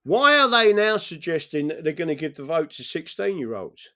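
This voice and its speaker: A man's voice: a little high, sing-song, normal speed, sharp tone. A man giving an impassioned political address, pressing each point with a repeated "right?". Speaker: political speaker.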